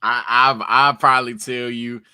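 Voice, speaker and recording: Bright-voiced man, laid-back podcast chat. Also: medium pitch, little pitch movement, measured pace, clear, resonant tone, no echo, clean studio sound. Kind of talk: casual chat.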